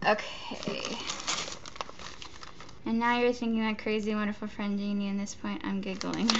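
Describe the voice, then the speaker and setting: A woman's voice: medium pitch, fairly even intonation, measured pace, dull audio, noisy background. A woman chatting casually while opening a gift box, gushing and stammering between giggles. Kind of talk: casual unboxing chat. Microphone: off-camera, not shown.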